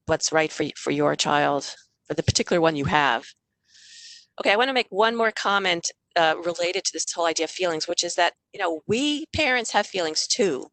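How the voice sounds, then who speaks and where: A lowish-voiced middle-aged woman leads an online parenting talk in a loose, conversational way. She often slips into little acted lines for parents and children. The sound is close and dry, with no room around it. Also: a bit bright, no room sound. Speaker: parenting author and workshop speaker.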